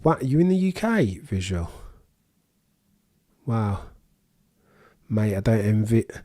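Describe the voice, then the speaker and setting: Chatty Birmingham-accented man, low voice. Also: sing-song, slow, warm tone. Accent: Birmingham English. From England. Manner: chatty, reads out viewer comments, dry quips. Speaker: livestream host. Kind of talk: casual live watchalong chat.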